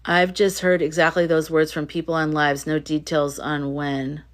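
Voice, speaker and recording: A woman's voice: sits low, flat delivery, moderate pace. A woman hosting a casual livestream, chatting and reading viewer comments in an emphatic way, often repeating herself. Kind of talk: casual live chat.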